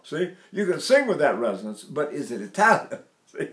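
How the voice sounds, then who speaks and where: An older man gives a singing lesson in a slightly high voice, rambling from point to point and stopping to demonstrate. The sound is roomy and echoey. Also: very animated, moderate pace. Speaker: voice teacher. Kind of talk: vocal lesson talk.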